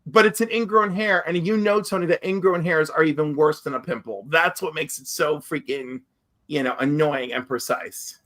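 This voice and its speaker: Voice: medium pitch, normal speed. A podcast co-host from New York telling stories in casual chat, acting out quotes along the way. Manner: animated storyteller, acts out quotes.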